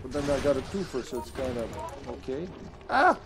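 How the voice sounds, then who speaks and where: A man streaming a video game live, chatting casually and playfully, breaking into excited shouts. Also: mid-range voice, moderate pace, noisy background. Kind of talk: live gameplay commentary.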